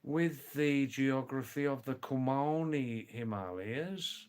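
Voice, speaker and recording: A man's voice: medium pitch, slow, darkish tone, clear, resonant tone. Older guy on a livestream chatting to viewers, teasing, keeps repeating words. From England and Australia. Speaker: livestream host. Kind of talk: casual live chat reading viewer messages.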